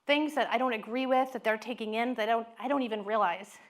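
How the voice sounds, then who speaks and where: Mid-aged woman psychologist giving a talk, animated storyteller, kinda high voice. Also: fast talker. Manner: candid, animated storytelling with quoted dialogue.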